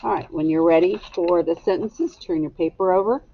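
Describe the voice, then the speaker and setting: A woman's voice: fairly low pitch, dull audio, slight background noise. A woman teacher dictating a spelling test to young students, sounding out each word syllable by syllable. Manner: slow, deliberate, sounds words out syllable by syllable.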